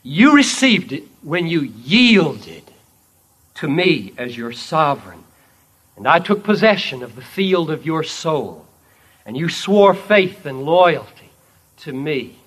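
A man voicing a calm, commanding sovereign king. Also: on the high side, slow, full character voice. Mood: assuring.

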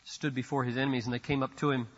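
A pastor preaching a sermon with emphatic declarations and sudden drops into low, quiet asides. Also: male voice, flat delivery, rapid-fire, long reverb tail, lo-fi sound.

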